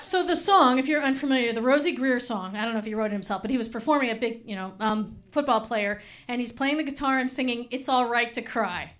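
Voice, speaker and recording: Middle-aged woman comic, high voice, blunt and profane, rambling stand-up storyteller. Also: fast talker, hardly any pauses, fairly bright tone. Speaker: stand-up comedian. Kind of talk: stand-up comedy.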